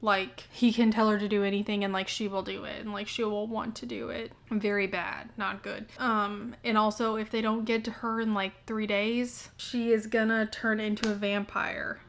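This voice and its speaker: A woman's voice: medium pitch, flat delivery, moderate pace, hardly any pauses, a bit bright. A young adult woman casually summarizing a book in a vlog, chatty and full of "like". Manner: chatty, heavy use of "like". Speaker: book vlogger.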